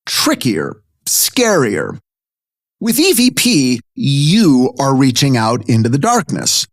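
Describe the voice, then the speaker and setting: A man's voice: medium pitch, slow, no echo, clean studio sound. A man in his fifties hosting a podcast, telling stories in a conversational way and talking straight to his listeners. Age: 50s. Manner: animated, conversational, addresses listeners directly. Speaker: podcast host. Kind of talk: storytelling narration.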